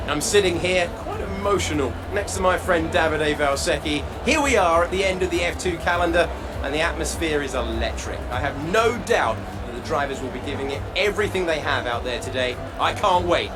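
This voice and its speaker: An actor playing an in-game motorsport commentator, delivering scripted broadcast lines in a smooth, enthusiastic presenter manner. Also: male voice, fairly high pitch, expressive, brisk, close to an everyday voice. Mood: upbeat. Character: polished male motorsport TV presenter. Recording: game audio with music bed.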